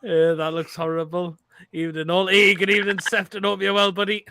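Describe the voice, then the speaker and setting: A man's voice: high-pitched, steady tone, a little fast, a bit bright, clear, resonant tone, dry recording. A man, hosting a casual live stream and giving crude, blunt verdicts on viewers' food photos between laughs.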